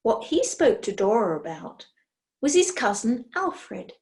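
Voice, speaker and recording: A woman reads a children's storybook aloud, slow and deliberate, lingering over words. Her voice sits a little high and stays expressive throughout. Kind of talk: storybook reading.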